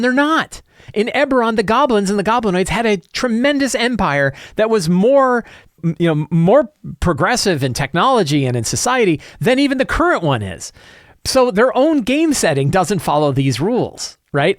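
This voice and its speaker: A man hosting a solo commentary show on tabletop role-playing games, talking in an opinionated, animated way with frequent restarts. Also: high-pitched, moderate pace, no echo, clean studio sound. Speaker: show host.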